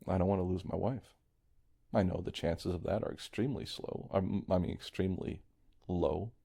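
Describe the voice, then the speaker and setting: Male podcast host, low gravelly voice, warm mellow tone, rambling reflective monologue. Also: steady tone, normal speed. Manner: reflective, meandering, restarts often; quietly worried. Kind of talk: casual solo podcast monologue.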